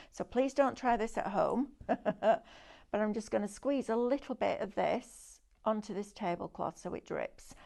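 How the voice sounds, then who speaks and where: A woman hosts a live craft shopping show, talking viewers through each product with chatty, eager sales patter. Her voice has a gravelly, fry-tinged edge and sits at an ordinary middle pitch. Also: darkish tone.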